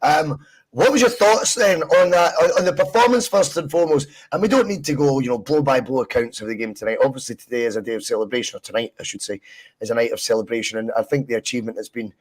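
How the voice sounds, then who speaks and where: A man's voice: mid-range voice, fast, poor audio. A man hosting a podcast, chatting casually with jokey, self-mocking banter. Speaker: podcast host. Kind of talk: casual chat.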